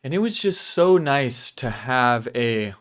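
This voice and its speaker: A young man rambles easily through his weekly vlog update. His voice is smooth and resonant, sitting at an ordinary middle pitch. He talks loosely and casually, with the odd swear word, while chewing gum. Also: very animated, slow, fairly bright tone. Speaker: vlog host.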